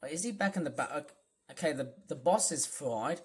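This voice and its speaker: A gaming video host giving rambling commentary, halting with many fillers and restarts, and trailing off quietly at the ends of phrases. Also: medium pitch, animated.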